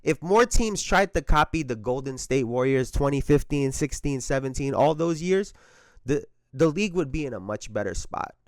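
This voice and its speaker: A man hosting his own basketball commentary, talking his opinions through in a conversational, emphatic way. His voice sits at an ordinary middle pitch. The sound is close and dry, with no room behind it. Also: animated, normal speed, dry recording.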